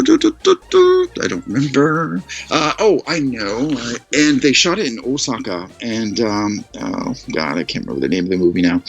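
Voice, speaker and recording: A man chatting casually on a video call, telling stories in an animated way and acting out other people's voices. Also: lowish voice. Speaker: guest storyteller. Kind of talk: casual chat on a live stream. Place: living in Tokyo.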